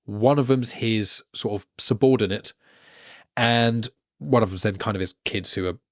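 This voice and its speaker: A man talking casually as a podcast guest, rambling and trailing off quietly at the ends of his phrases. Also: fairly low pitch, moderate pace, dry recording, studio quality.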